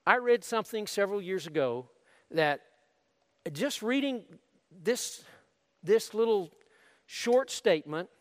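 A man preaching a sermon as pastor, earnest and conversational, with frequent restarts. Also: high-pitched. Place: church sanctuary. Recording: long hall reverb.

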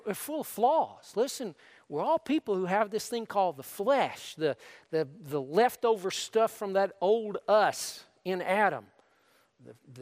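Male pastor, high lively voice, earnest conversational sermon in a reverberant sanctuary. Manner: earnest, conversational preaching with frequent restarts. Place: church sanctuary. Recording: long hall reverb.

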